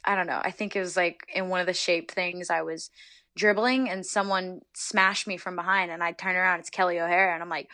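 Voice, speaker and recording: A young woman from Northern California, a soccer player, chatting as a guest in an interview and retelling stories in a lively, giggly way. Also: lowish voice, brisk, dry recording. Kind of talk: casual interview storytelling.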